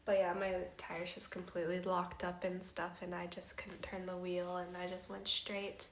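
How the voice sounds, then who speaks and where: A woman's voice: fairly low pitch, monotone, normal speed, a little hiss or hum. A young woman streamer telling a story in casual chat, laughing often and using lots of fillers. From Canada. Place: house room. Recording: roomy echo.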